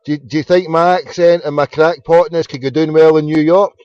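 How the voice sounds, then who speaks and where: A man's voice: fairly high pitch, fairly even intonation, fairly quick, darkish tone, no echo. Jokey Glaswegian man, dry lo-fi sound. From Scotland. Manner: jokey, rambling, stumbles over his words. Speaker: radio phone-in host. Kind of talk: casual chat.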